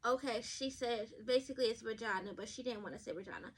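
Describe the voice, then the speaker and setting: This woman is a fast talker with a voice on the high side and a breathy edge. Hosting a podcast, she reads advice stories aloud and offers blunt, profane, chatty takes to her listeners, occasionally stumbling over words.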